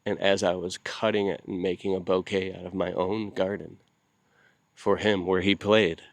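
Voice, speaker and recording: A video channel host talks casually to the camera in a deep, gravelly voice, grieving and heartfelt. His speech is halting and flat, full of pauses and repeated words, and he sounds sleep-deprived. There's no room sound.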